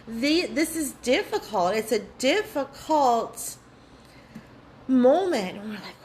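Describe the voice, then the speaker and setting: A woman's voice: high-pitched, very animated, slow pace, darkish tone, slight background noise, rough recording. A woman hosting a live spiritual workshop. She talks earnestly and candidly, swears freely and often repeats her phrases. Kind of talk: live online workshop talk.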